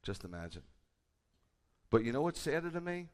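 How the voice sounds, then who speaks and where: A man, a rabbi, preaching a sermon with a conversational manner and bursts of loud, emphatic delivery. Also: mid-range voice, moderate pace, smooth. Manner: animated, rising to loud emphatic peaks. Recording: hall with long reverb.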